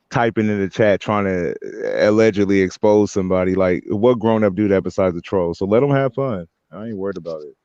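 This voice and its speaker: A man's voice: on the low side, mellow, clean tone, no echo. A man calling into a chat, dismissive and unbothered. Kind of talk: casual chat. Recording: dull lo-fi call audio.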